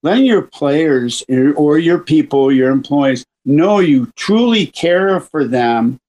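A man's voice: fairly high pitch, animated, takes it slowly, darkish tone, poor audio. A man who coaches and manages a baseball team, telling stories in a chatty, rambling way with many restarts on a radio interview.

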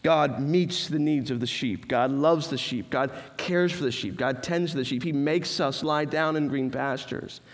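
A man's voice: mid-range voice, moderate pace, hardly any pauses, big-room sound. A man preaching a sermon as pastor, earnest and building emphatic lists with rising stress.

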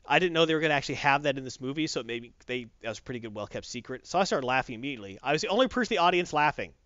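A man chatting casually about a movie, acting out quotes in quick voices. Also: mid-range voice, expressive, a bit bright, no room sound, highs cut off. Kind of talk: casual chat, movie review.

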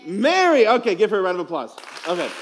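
A man's voice: sits high, sing-song, quick pace, a little hiss or hum. A young man, a priest, giving a playful, emphatic homily at a youth conference, asking the crowd questions, speaking into a headset mic.

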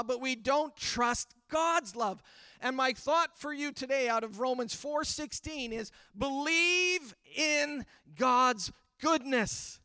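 A man's voice: very high-pitched, pushed and bright, clear, resonant tone, dry recording, studio quality. A man preaching a sermon, earnest and building fervor with repeated refrains. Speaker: pastor. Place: church livestream during pandemic.

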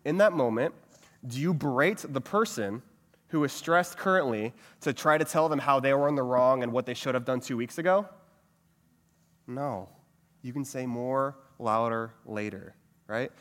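A man giving a sermon-style teaching talk, asking many rhetorical questions and repeating a catchphrase. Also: mid-range voice. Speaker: pastor teaching a group. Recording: long reverb of a hall.

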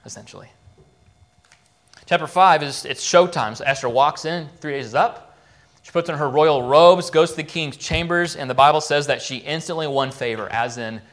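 A man's voice: mid-range voice, brisk, fairly bright tone. A man preaching in a church, retelling a Bible story casually and acting out the quoted lines. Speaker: pastor. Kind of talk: sermon recap of a Bible story.

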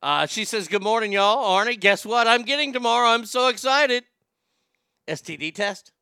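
A man's voice: high-pitched, lively intonation, moderate pace, vocal fry, sharp tone, clean tone, no echo, studio quality. A man hosting a casual morning radio show, reading listener messages in a brash, profane, joking way and often stammering.

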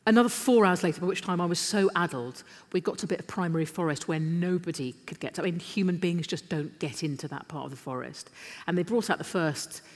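A middle-aged woman, telling lively, self-deprecating anecdotes as a guest on a festival stage. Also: lowish voice, fast talker. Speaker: interview guest. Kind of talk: live on-stage storytelling. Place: stage in a large literature festival hall. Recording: live hall with long reverb.

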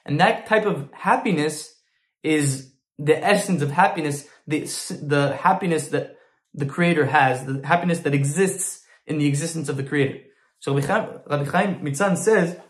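A man's voice: fairly high pitch, moderate pace, echoey room. A man teaching a Torah lesson through an informal story, with frequent restarts and Hebrew terms.

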